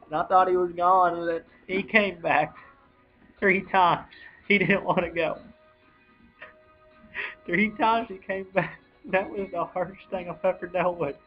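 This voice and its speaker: Choked-up young man, halting and sighing. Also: sits high. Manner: halting, with sighs and restarts. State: choked up, on the edge of tears. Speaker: vlogger. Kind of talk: emotional personal account. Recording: dull lo-fi home video audio.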